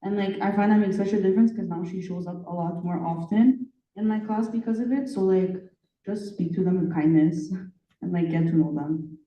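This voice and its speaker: Lowish woman teacher, muffled and distant. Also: a little fast. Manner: earnest advice, many "like" fillers. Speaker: teacher on a panel. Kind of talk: conversational panel talk. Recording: echoey muffled room, distant mic.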